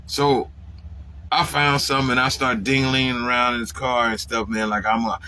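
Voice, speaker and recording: This is an animated man swearing his way through a casual personal story, with a voice of ordinary middle pitch. He keeps tacking "man" onto his phrases. He jumps up louder and higher when he acts out his own lines. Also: normal speed. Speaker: vlogger telling a story.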